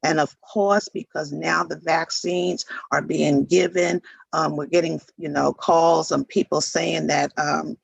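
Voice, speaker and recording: A man's voice: fairly high pitch, little pitch movement, unhurried, gravelly, slightly rough, dry recording, poor audio. A man presenting a scam-prevention seminar to seniors. He speaks earnestly and repeats words for emphasis. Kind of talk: informational talk to seniors.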